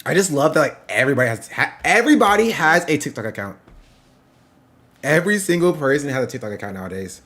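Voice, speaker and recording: Young man, streamer, casual reaction commentary, wry, halting, bouncy pitch. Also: big pitch swings, fairly bright tone. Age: young adult. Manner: halting, self-interrupting, wry asides.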